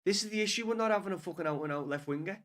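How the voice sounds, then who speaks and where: A man with a Scouse accent talks his viewers through a football match as it happens, swearing and venting his frustration as he rambles on. His voice sits fairly high for a man. He is recorded in a small home studio room. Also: very fast, a bit bright. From Liverpool, England. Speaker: streamer watching a match live. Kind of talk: live watch-along commentary.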